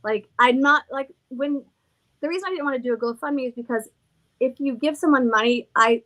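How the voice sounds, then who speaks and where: A woman's voice: high voice, brisk, sharp tone. A middle-aged woman who owns a haunted house, rambling through stories in casual chat, laughing and swearing freely. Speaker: haunted villa owner.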